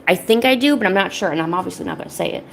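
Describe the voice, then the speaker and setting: A woman's voice: animated, rapid-fire, gravelly, faint music behind. A young woman streaming casually from home, chatting and joking with her viewers. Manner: chatty, jokey, breaks into high baby talk with her cats. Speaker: art streamer. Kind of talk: casual livestream chat.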